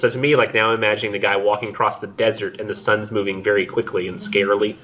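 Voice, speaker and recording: A man's voice: lowish voice, flat delivery, quick pace, hardly any pauses, fairly bright tone, a little hiss or hum. A man teaching a college literature class in a casual, chatty way, leaning heavily on "like" as he talks about poems. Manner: casual and chatty, heavy use of "like". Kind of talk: classroom lecture with poetry reading. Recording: dull lo-fi classroom recording.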